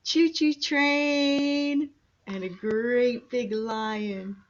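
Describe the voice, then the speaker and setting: Slow, high grandma reading to toddlers. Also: female voice, little pitch movement, lo-fi sound. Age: older. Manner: sing-song, coaxing, talks to small children. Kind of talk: children's storybook reading.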